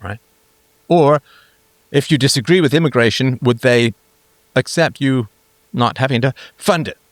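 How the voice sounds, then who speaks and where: A man's voice: mid-range voice, a little slow, dry recording. A middle-aged man hosting a live talk show, musing aloud in a jokey way, full of fillers and restarts. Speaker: host.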